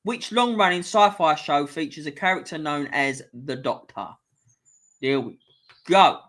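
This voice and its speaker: A young man with a London accent reads out quiz questions on a casual live stream. His voice sits a little high for a man. He swears freely and drifts into offhand banter between the questions. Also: a little slow, fairly bright tone. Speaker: quiz host.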